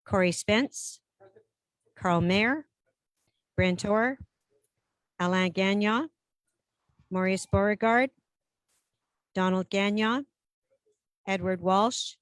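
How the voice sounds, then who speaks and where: A woman chairing a regional council meeting in a brisk, procedural way, switching between English and French. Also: mid-range voice, clear, resonant tone, no echo. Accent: Canadian French-English bilingual.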